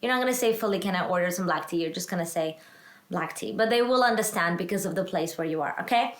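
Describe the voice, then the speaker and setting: A woman teaching a casual language lesson, encouraging and a little self-deprecating, slowing down to model each word. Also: on the low side. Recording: echoey room.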